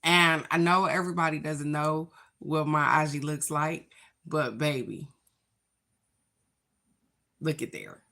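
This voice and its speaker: Slow and gravelly, with a low voice, a sharp tone, and long pauses, this woman draws her daily spiritual cards for viewers. The vlog is casual, and she chats in a spiritual way, calling her audience "y'all" and "baby."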